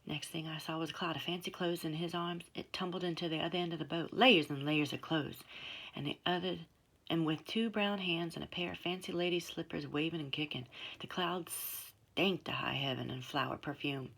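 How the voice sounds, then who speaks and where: A woman narrating a storybook chapter aloud in a quiet, hushed telling that sometimes drops to a whisper. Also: low voice, normal speed, gravelly, husky, low-quality recording. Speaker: audiobook narrator. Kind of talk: storybook reading.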